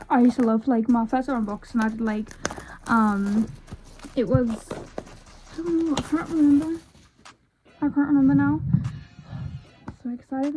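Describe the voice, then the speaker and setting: A young woman chatting excitedly and casually through an unboxing vlog, swearing now and then. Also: high-pitched. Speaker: vlogger.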